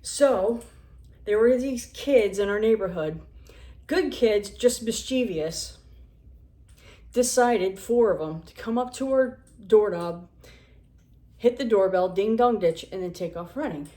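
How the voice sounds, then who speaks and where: A woman telling stories straight to camera in a home kitchen, lively and chatty, sometimes talking with her mouth full. Her voice sits at an ordinary middle pitch, and the room gives it a noticeable echo. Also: takes it slowly, pauses often. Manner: animated, chatty, talking while eating. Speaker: vlogger. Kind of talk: casual storytelling. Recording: echoey room.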